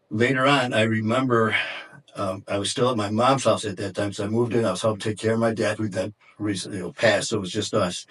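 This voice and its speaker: A middle-aged man with a fairly low voice, a podcast guest from Detroit. He recounts his own story candidly, pausing and restarting often. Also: fairly bright tone. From Detroit, USA. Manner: candid, halting, many fillers and restarts. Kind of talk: personal storytelling in an interview.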